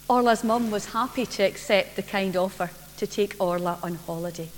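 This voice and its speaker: A woman minister, preaching a sermon in a church and telling a gentle story. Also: medium pitch, normal speed, few pauses. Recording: reverberant church, faint hum.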